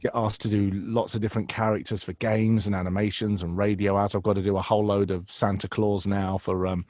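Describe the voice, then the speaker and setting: A man's voice: lowish voice, no room sound, studio quality. A man who works as a voice actor and impressionist, chatting animatedly in an interview and slipping into voices. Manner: animated, drops into voices mid-sentence; many fillers and restarts. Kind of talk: casual interview.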